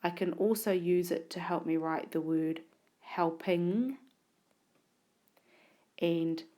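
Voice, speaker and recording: Casting: woman teacher, lowish voice, unhurried, spells out sounds one by one for young learners. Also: warm tone. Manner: sounds out words and letters slowly and deliberately. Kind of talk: narrated whiteboard spelling lesson. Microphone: tablet recording.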